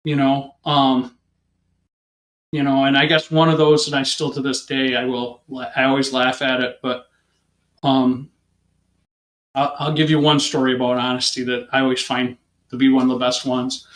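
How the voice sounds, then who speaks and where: A police officer with a medium-pitched voice tells an anecdote in an interview at normal speed, with long pauses and reverberant sound. He's a lively storyteller, casually acting out the people in his tale.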